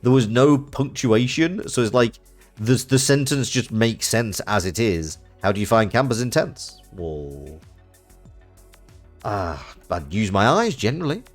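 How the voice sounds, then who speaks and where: Low-ish guy streaming a card game, chatty and self-mocking, bit of music quietly behind. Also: lively intonation, unhurried. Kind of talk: casual live-stream chat.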